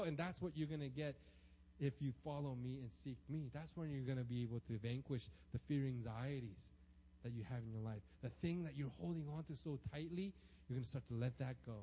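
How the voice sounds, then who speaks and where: A man's voice: mid-range voice, steady tone, fairly quick, mellow. A man preaching a sermon, emphatic and acting out the prayers and voices he quotes. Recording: dull lo-fi sound.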